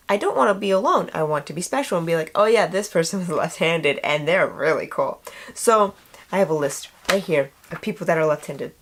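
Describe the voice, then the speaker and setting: A young woman chatting casually to the camera in a vlog, animated and playful. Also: medium pitch. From United States. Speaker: vlogger.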